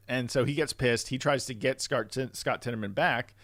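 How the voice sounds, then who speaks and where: A man co-hosting a casual podcast, chatting in a relaxed way and recapping an episode. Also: medium pitch, normal speed, hardly any pauses, dry recording. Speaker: podcast co-host.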